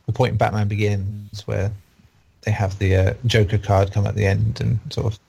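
A man's voice: lowish voice, flat delivery, moderate pace, vocal fry, warm tone, husky, highs cut off. A man reviewing games in a casual, rambling and opinionated chat. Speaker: game reviewer on a podcast.

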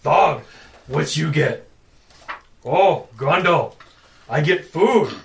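A man voicing crude, dim-witted male giants who speak in broken grammar, slow and loud. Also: a little high, lively intonation, vocal fry, voice pushed up, full character voice. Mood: gruff, dim. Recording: roomy, distant mic, faint noise.

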